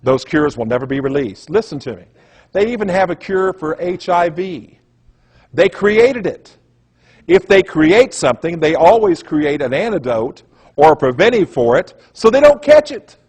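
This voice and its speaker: A man's voice: a little high, sing-song, normal speed, a little mellow, husky. A man giving a presentation in a rambling, emphatic storytelling manner. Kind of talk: conspiracy lecture talk.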